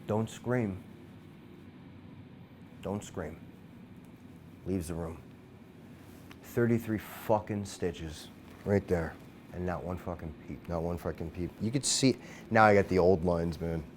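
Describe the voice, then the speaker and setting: A middle-aged man recounting a childhood memory in an interview, swearing constantly, his voice surging loud and then dropping low. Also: moderate pace, slight background noise. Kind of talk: emotional storytelling.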